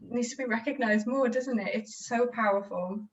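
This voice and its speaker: A woman's voice: fairly high pitch, normal speed, far from the mic, lo-fi sound. A woman podcast host on a video call, reflecting on what her guest said and summing up the lessons. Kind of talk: casual interview chat.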